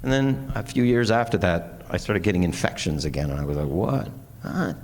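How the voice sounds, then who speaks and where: A man's voice: sits low, expressive, fast, darkish tone. A man giving an earnest, candid conference speech with self-deprecating humor. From Canada. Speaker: conference speaker. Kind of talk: personal keynote speech. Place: large conference hall. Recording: long hall reverb, faint noise.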